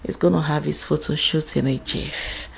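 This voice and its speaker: A woman's voice: deep voice, fairly even intonation, normal speed, vocal fry, a little hiss or hum, rough recording. A mother vlogging at home, chatting casually to her viewers and calling them "you guys" and "my loves.". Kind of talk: casual vlog narration to viewers. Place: at home indoors.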